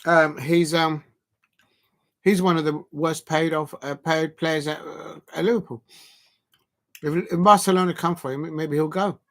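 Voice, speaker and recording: A man hosting a live football watch-along, talking haltingly with fillers and breaking into loud emphatic outbursts at the action. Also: a little high, fairly even intonation. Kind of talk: live match reaction commentary.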